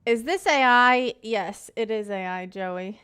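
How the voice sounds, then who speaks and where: A woman's voice: fairly high pitch, a little slow, a bit bright, clean tone. A young woman in her twenties chatting casually on a live stream, greeting viewers by name and rambling through stories.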